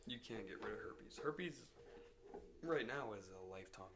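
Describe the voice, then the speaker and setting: A young man chatting casually with friends, quick to argue a point. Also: lowish voice, expressive, noisy background. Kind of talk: casual chat.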